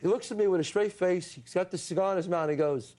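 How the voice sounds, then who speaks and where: A man with a strong Bronx accent tells lively stories as a talk show guest. He slips into the voices of other people as he talks. His voice sits fairly high for a man. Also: fast, heavy background noise. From New York, USA. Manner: lively storyteller who acts out the voices of others. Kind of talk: animated anecdote telling.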